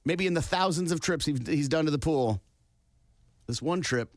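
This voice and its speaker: A man's voice: a little high, moderate pace, no room sound. Wry man telling a story, dry sound. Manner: storytelling, conversational, wry asides. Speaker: podcast co-host. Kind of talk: casual chat.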